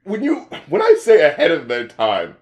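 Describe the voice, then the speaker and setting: Excitable high-voiced man reviewing albums. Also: moderate pace, a little hiss or hum. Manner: excitable, swearing, breaks into laughter; speaks straight to the listener. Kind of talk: casual reaction chat.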